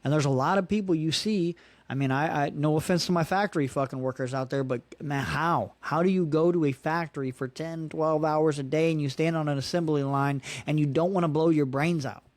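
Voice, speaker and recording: Guy in his 30s ranting on his podcast, swears a lot, kinda high voice, dry close mic, keeps saying dude. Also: normal speed, no room sound. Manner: profane, frustrated ranting with frequent "dude" and "man". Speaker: podcast host. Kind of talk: casual solo podcast rant.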